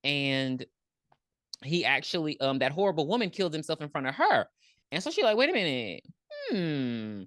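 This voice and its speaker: Low-voiced woman retelling a movie. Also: brisk, no echo, studio quality. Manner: animated storyteller, acts out characters' lines, swears freely. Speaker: podcast co-host. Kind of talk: casual movie recap chat.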